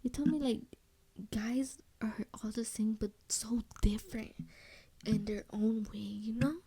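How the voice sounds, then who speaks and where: Young woman, solo podcast host, casual slangy storyteller who slips into Spanish and soft whispers; mellow, fairly high voice, dry close sound. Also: a little slow, breathy edge, no room sound. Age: young adult. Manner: slangy, mixes in Spanish phrases; drifts often into soft whispering.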